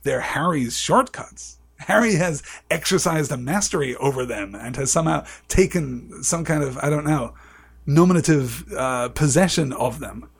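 Man, husky voice, slightly high pitch, wry chatty book discussion with read-aloud passages. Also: animated, moderate pace. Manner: wry, chatty asides with laughter. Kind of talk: live-streamed book discussion with reading aloud.

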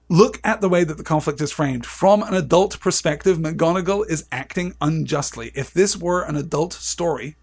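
Wry, husky-voiced man discussing a book. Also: a little high. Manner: wry, chatty asides with laughter. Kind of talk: live-streamed book discussion with reading aloud.

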